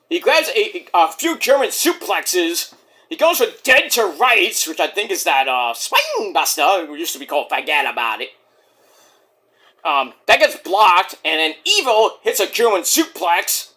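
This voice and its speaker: Lively, bright-voiced man ranting. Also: sits high. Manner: profane, ranting, acts out quotes. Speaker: wrestling show reviewer. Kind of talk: casual review vlog.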